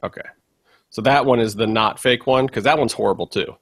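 A man co-hosting a podcast, rambling through casual chat and laughing easily. His voice sits at a middle pitch. It is recorded close and dry. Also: a little fast, fairly bright tone, breathy edge, dry recording. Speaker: podcast co-host.

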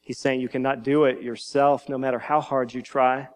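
A man's voice: medium pitch, flat delivery, moderate pace. A male pastor preaching a sermon in an earnest teaching manner, now and then repeating a word as he goes.

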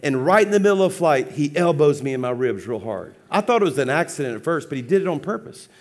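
A man preaching as a pastor, telling a funny personal story with lively, laughing acted-out dialogue. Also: on the high side, fast talker. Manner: animated, humorous, acts out dialogue with laughs. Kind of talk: sermon storytelling.

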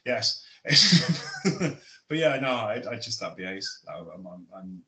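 Bright-voiced man in an echoey room. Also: lowish voice, big pitch swings, slow pace. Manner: chatty, laughs often, stammers. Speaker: podcast co-host. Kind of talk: casual wrestling chat.

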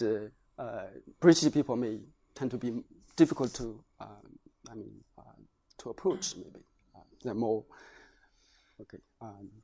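Man, academic lecturer, mid-range voice, hesitant delivery with frequent pauses. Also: mid-range voice, mellow, breathy edge. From China. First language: Chinese. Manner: halting, many hesitations. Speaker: academic researcher presenting findings. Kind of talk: lecture presentation.

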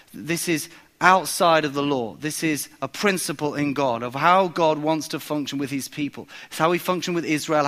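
A man's voice: on the high side, bright, forceful tone. A man, preaching a sermon in a conversational way, with emphatic repetition and frequent restarts. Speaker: pastor.

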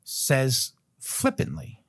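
A man in his thirties, a podcast guest, telling a long personal story in a loose, animated way, full of fillers and little chuckles. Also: extremely slow. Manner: loose filler-heavy phrasing. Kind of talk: casual storytelling chat.

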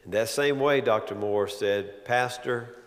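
Male pastor, sermon delivery, dynamic preaching with loud build-ups and hushed asides, long church reverb. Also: medium pitch, measured pace.

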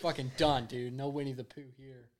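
A man's voice: mid-range voice, flat delivery, normal speed. A man co-hosting a casual podcast, ranting and swearing a lot as he talks. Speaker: podcast co-host. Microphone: streamed podcast mic.

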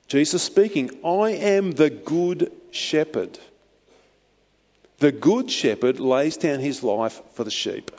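Earnest male preacher in a reverberant hall. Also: darkish tone. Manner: earnest, rising to emphatic pitch on key phrases. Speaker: pastor. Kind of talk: sermon. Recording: muffled, long hall reverb.

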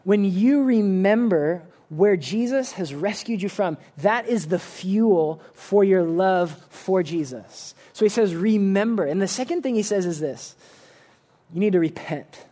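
A man's voice: high-pitched, lively intonation, a little slow, few pauses, dark tone. A man preaching a conversational sermon in a church, earnest and informal, often restarting his sentences. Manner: earnest, casual, many restarts and "like" fillers. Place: church service room.

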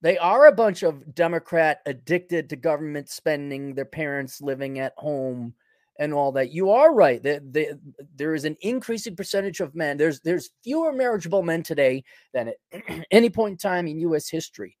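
A man's voice: on the high side, expressive, moderate pace, a little mellow, no room sound, studio quality. A middle-aged man hosting his own podcast, talking in a rambling, sarcastic, opinionated monologue full of restarts and chuckles. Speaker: podcast host.

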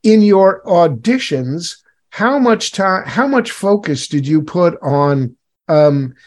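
A man's voice: high-pitched, animated, slow. A man hosting an interview in a casual, rambling way, full of fillers and restarts. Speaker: radio interview host.

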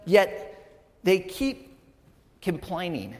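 A man's voice: high voice, wildly swooping pitch, extremely slow. A man in his thirties, a pastor giving a conversational sermon, telling the story casually and checking in with the congregation with frequent "right?" asides. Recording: long hall reverb.

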